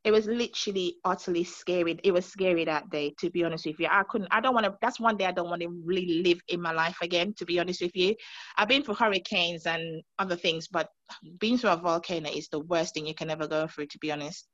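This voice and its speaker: A woman's voice: on the low side, fast, no echo, highs cut off. A woman from Montserrat telling an interviewer about a frightening day, acting out the voices of the people in her story. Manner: animated storyteller, acts out quoted voices. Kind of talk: emotional personal recollection.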